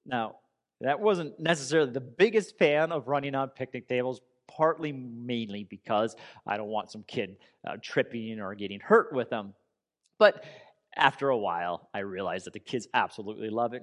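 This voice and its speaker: Man preaching a conversational sermon. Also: mid-range voice. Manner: conversational storytelling, earnest. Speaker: pastor.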